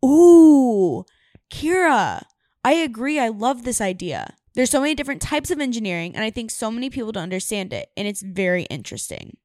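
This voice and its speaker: A woman's voice: mid-range voice, lively intonation, fast talker, few pauses, dry recording. A young woman hosts a science podcast in a loose, chatty way, fillers everywhere and frequent giggles. Her voice sits in a middle register and the sound is close and dry with no room around it. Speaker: podcast host. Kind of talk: casual podcast chat.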